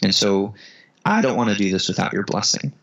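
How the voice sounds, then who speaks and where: A man's voice: fairly low pitch, brisk, fairly bright tone. A male podcast guest telling a reflective story in casual conversation. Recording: dull lo-fi audio.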